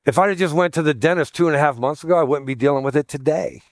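A man preaching a sermon and telling a humorous story about himself in a conversational, self-deprecating way, putting on lively voices for the people he quotes. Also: fairly high pitch, rapid-fire, no room sound, clean studio sound. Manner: animated voicing of quoted people. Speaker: pastor.

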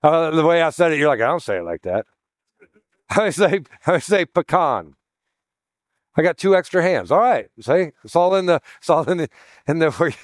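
A pastor in a sermon, teaching in a chatty way, with joking asides and questions for the congregation. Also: male voice, a little high, brisk, dry recording, clean studio sound. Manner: chatty, jokey asides, asks the room questions.

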